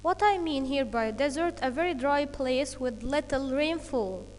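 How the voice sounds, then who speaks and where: Slow, deliberate woman teaching English. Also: sits high, darkish tone, in a large hall. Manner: slow, deliberate explaining with many "okay" checks. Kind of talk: online English lesson for children.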